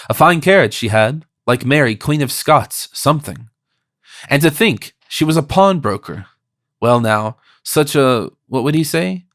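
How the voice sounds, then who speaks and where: Guy reading a classic novel out loud, steady mid voice, dead dry sound. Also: mid-range voice, dry recording. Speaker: audiobook narrator. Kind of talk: scripted narration.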